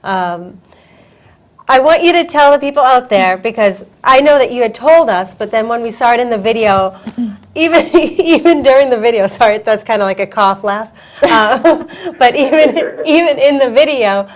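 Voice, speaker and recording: A woman hosting a casual talk show, chatty and quick to laugh, with a cough. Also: a little high, lively intonation. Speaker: host.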